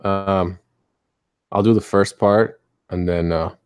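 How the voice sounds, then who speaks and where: A man's voice: deep voice, fairly even intonation, takes it slowly, darkish tone. A man co-hosting a casual chat, easygoing.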